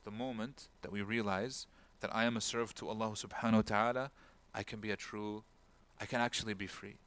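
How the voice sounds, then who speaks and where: Storytelling imam, mixing in Arabic words. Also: male voice, on the low side, fairly even intonation, brisk, a bit bright, smooth. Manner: storytelling, acts out quoted people in raised voice; sprinkles Arabic words and phrases. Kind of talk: talk-style religious lecture.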